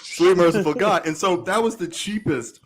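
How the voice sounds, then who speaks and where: A man's voice: sits high, normal speed, fairly bright tone. A man co-hosting a casual podcast chat, talking loosely with jokes and swearing. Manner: loose, profane, jokey banter. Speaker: podcast co-host.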